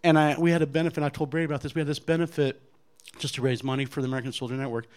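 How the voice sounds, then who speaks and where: A man giving an earnest personal faith testimony to an audience, animated as he acts out other people's lines, with frequent restarts. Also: a little high, racing, smooth. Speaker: guest speaker giving testimony.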